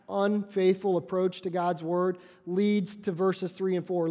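A man's voice: high voice, dark tone. A man preaching a sermon in a conversational way, often repeating and restarting his phrases. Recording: long hall reverb.

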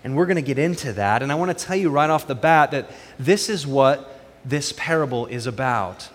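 A man's voice: medium pitch, animated, normal speed, in a large hall. A man preaching a sermon as pastor, moving between earnest prayer and conversational storytelling.

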